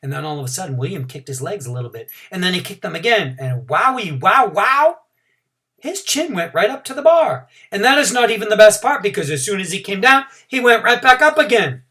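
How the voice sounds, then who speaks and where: Animated man reading a storybook aloud. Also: high voice, brisk. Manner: animated, expressive. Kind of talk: children's storybook read-aloud.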